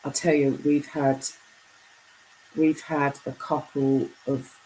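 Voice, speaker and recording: A young British woman chatting casually on a live stream, reading out viewer comments; her voice is deep enough to be mistaken for a man's. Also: flat delivery, slow pace, dark tone, slight background noise, low-quality recording. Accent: British English. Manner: chatty, reads comments aloud.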